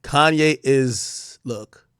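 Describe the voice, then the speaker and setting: A man hosting a live stream, telling a story in animated casual talk with swearing and laughter. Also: medium pitch, extremely slow, clean tone, no room sound, clean studio sound.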